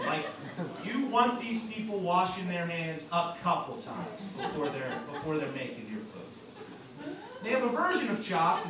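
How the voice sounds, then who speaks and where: A male comedian works an open mic stage with a high, lively voice that leaps between registers and bursts out loud on the punchlines. He's picked up from a distance in a very echoey supper club. Room noise and laughter sit clearly behind him. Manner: animated, punchy delivery with sudden loud outbursts. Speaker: stand-up comedian. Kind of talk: open mic stand-up set. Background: audience laughter and club ambience.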